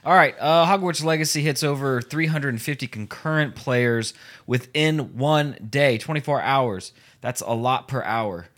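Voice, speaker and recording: A man's voice: medium pitch, measured pace, fairly bright tone. A podcast host with a mid-range voice reads out a gaming news article. He stays casual and loose, stumbling over words and laughing at his own slips. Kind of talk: casual chat, reading an article aloud.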